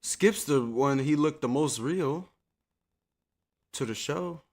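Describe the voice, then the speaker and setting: A man's voice: fairly high pitch, takes it slowly, pauses often. Profane, rambling male streamer. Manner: profane, rambling, laid-back. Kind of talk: casual live-stream chat.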